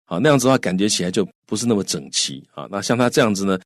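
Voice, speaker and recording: A man's voice: on the low side, sing-song, rapid-fire, no echo, studio quality. A man co-hosting a radio English lesson, recapping each point in Mandarin for the listeners. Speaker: co-host.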